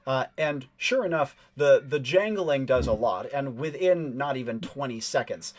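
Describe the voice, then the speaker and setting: A man serving as game master, narrating a tabletop game with a steady, descriptive delivery. He fills his lines with frequent fillers as he builds each scene. His voice sits at a middle pitch. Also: moderate pace.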